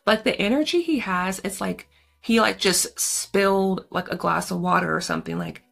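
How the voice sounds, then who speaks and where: A woman's voice: medium pitch, moderate pace, vocal fry, a bit bright, faint music behind. A young woman casually recapping a horror film, chatty and slangy, full of asides. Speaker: movie reviewer.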